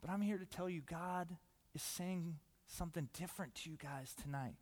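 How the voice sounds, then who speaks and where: A man preaching a sermon in a church hall, conversational and animated, dropping to a soft hush and rising loud again. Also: on the high side, normal speed. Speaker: pastor. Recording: long reverb of a large hall.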